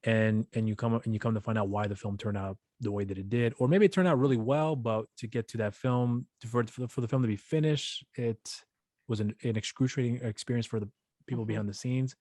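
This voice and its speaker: A man's voice: mid-range voice, brisk, warm tone, dry recording, studio quality. A man hosting a casual interview podcast, asking long rambling questions with restarts. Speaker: podcast host.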